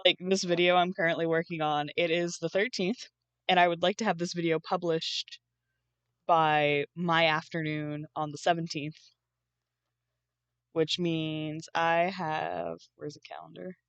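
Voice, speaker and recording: A woman's voice: low voice, little pitch movement, a little slow, clean tone, no room sound, highs cut off. A young woman streamer chatting casually while she draws, groggy from just waking up, rambling and swearing now and then. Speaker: streamer and artist. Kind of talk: casual live-stream chat.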